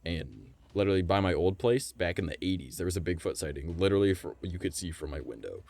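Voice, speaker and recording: Brief: male streamer, low voice with a wide, bouncy range, rambling profane storyteller, faint music underneath. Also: fast talker. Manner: animated, profane, keeps checking in with "right?". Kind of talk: casual storytelling on a live stream.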